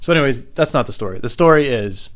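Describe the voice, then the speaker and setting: A man's voice: medium pitch, lively intonation, quick pace, background noise. A young man hosting a podcast, telling a comic personal story in a rambling way, full of profane, self-mocking asides. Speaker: podcast host.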